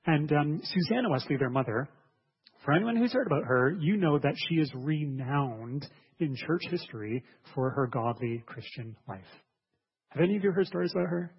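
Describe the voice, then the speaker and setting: A man's voice: on the high side, lively intonation, moderate pace, gravelly, husky. A man preaching a sermon as a pastor, earnest, often repeating words and asking listeners questions. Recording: dull sound with long hall reverb.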